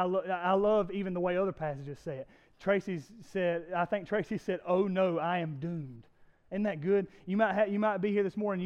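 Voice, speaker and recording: A man preaching a sermon as pastor, emphatic, often climbing loud and high and repeating words for effect. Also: highs cut off.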